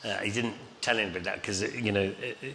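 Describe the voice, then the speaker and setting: Male guest, middle-aged, chuckles through his stories, crisp tone, faint noise in the room. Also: on the low side, steady tone, fast talker, bright, forceful tone. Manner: rambling, chuckling, many fillers. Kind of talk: anecdotal storytelling on stage. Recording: reverberant hall, faint noise.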